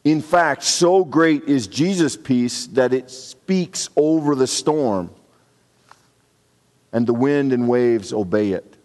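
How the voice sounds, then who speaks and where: Unhurried preaching man in a reverberant hall. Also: medium pitch, darkish tone. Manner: conversational, reflective preaching with brief acted quotes. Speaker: pastor. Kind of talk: sermon.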